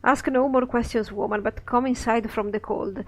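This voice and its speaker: A man reading a scripted play aloud, voicing an ancient lonely wizard who speaks in solemn, measured rhyming verse. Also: very high voice, steady tone, rough recording. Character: ancient lonely male wizard, cold and sorrowful.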